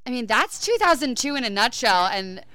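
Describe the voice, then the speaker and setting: A young woman with a bright, forceful tone and a very crisp, smooth voice retells a film with animated energy, sprinkling "like" everywhere and popping into quick character voices. The sound is dry and close, with no room around it. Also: on the high side, dry recording. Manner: animated storyteller, acting out quotes in put-on voices; peppers speech with "like". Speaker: podcast co-host. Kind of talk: casual chat, retelling a movie.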